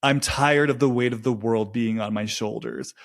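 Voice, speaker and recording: A man hosting his own podcast, talking alone in a reflective, halting way and repeating phrases as he searches for words. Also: medium pitch, steady tone, creaky. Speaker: podcast host. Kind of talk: reflective solo monologue.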